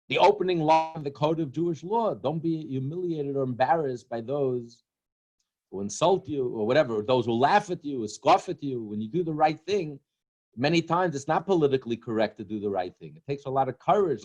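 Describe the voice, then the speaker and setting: A man giving a sermon as a rabbi, telling humorous stories and acting out their characters in an animated way. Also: a little high. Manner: storytelling, animated, acts out characters in jokes.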